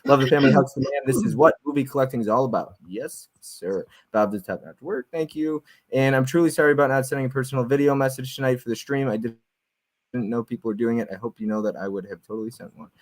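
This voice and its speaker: A man's voice: mid-range voice, fast, a little mellow. A man hosting a live stream in casual chat, reading viewer comments aloud, friendly, with lots of fillers. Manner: friendly, chatty, frequent fillers and laughs.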